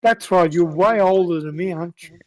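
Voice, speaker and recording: A man on voice chat with a fairly high voice, joking easily with his raid mates. His sound is dry and close, with no room around it. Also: brisk, no room sound. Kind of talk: casual voice chat.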